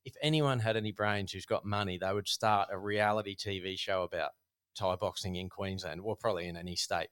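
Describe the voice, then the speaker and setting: A middle-aged Australian man, a podcast guest, telling stories in a rambling, animated way with many fillers. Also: lowish voice. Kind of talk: casual storytelling.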